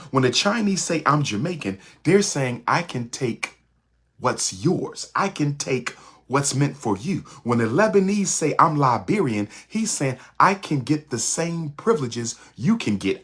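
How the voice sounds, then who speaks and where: A man giving an impassioned lecture in a rhythmic, repetitive preaching cadence, with a husky voice. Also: medium pitch. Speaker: speaker.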